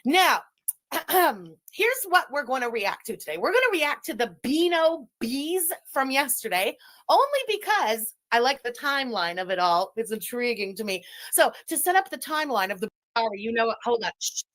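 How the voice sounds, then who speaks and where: Female streamer clip; animated pitch, cursing, emotional off-the-cuff talk. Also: moderate pace. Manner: profane, emotional, rambling. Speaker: online streamer in a played clip. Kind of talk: casual rambling monologue.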